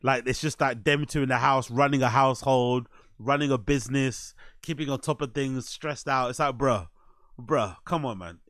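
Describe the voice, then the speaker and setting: A man doing live reaction commentary on a clip, animated and incredulous, swearing often. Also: medium pitch, normal speed, no room sound, clean studio sound. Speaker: streamer reacting to a podcast clip.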